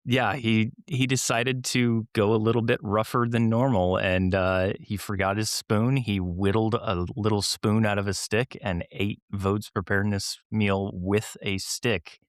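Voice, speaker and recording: A man co-hosting a podcast in casual chat, relaxed and given to playful banter. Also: on the low side, unhurried, hardly any pauses, no echo, studio quality. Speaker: podcast co-host.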